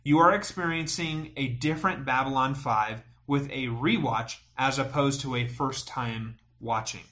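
A man's voice: medium pitch, unhurried, sharp tone. A man co-hosting a podcast, chatting casually and reading a listener's email aloud with chuckles and asides. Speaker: podcast co-host.

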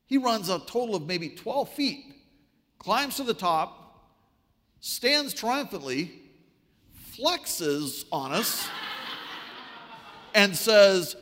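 A man preaching a sermon, telling a story with wry, animated delivery. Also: sits high, slow, pauses often, in a large hall.

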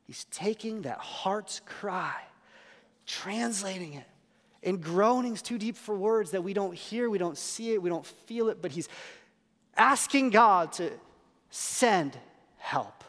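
Speaking slowly in a high voice, a pastor in his thirties delivers a sermon sprinkled with humorous family stories. He tells self-deprecating anecdotes about his young children with lively voice changes, and the large church hall adds long reverb.

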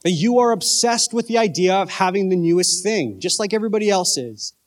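A man's voice: high voice, expressive, a little fast. A man preaching a casual youth sermon, joking and asking his listeners questions. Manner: casual, conversational preaching with jokes and questions to the audience. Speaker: youth pastor.

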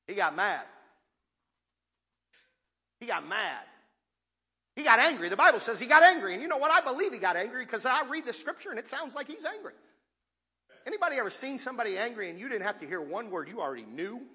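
A man preaching a sermon with dynamic call-and-response delivery, swinging from soft asides to shouted points. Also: high-pitched, big pitch swings, a little fast, pauses often. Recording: long reverb of a large hall.

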